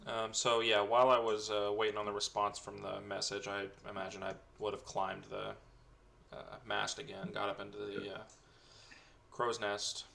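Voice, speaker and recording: A man taking his turn in a tabletop game, casual and relaxed. His voice sits a little low with a gravelly edge. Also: moderate pace. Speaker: player.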